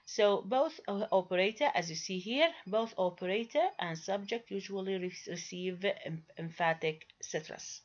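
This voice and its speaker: A woman's voice: medium pitch, unhurried, few pauses. A woman giving a grammar lecture, hesitant, with many fillers and restarts, quizzing her listeners with rhetorical questions. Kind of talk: recorded lecture. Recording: dull lo-fi recording.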